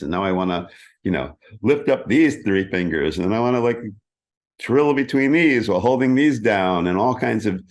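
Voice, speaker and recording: A middle-aged man with a fairly low voice talks in an easy, chatty interview manner. He is animated and often breaks into sung "da da da" patterns to show a rhythm. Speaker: interview guest, keyboardist. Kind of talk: casual interview chat.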